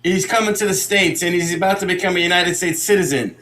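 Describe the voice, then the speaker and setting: A man's voice: sits high, fast talker, sharp tone, slight background noise. A man hosting a round table, rambling and hesitant with many fillers. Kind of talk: casual chat and joke telling.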